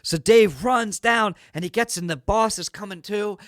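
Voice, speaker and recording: A man co-hosting a podcast, telling a long joke in an animated, playful way. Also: high voice, normal speed, dry recording, studio quality. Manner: animated storyteller who acts out the characters. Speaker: podcast co-host. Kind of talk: casual chat and joke telling.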